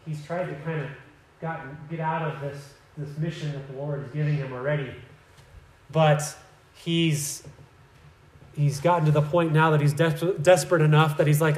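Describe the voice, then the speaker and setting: A man's voice: fairly high pitch, steady tone, brisk, darkish tone. Conversational preacher man, echoey church. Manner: conversational, storytelling with asides. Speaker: pastor. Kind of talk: sermon.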